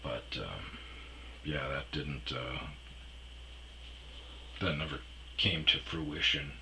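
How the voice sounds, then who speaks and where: A man's voice: a bass voice, slow pace, creaky, bright, forceful tone, a little hiss or hum, rough recording. A man telling a rambling personal story in a casual, profane way, trailing off with fillers. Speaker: storyteller host.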